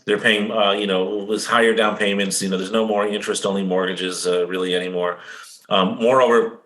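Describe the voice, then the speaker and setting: Male economist guest: fast, confident lecturer, fairly low voice, recorded in an echoey room. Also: steady tone, a bit bright. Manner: fast, confident, lecturing, seeks agreement with "right?". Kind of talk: explanatory interview talk.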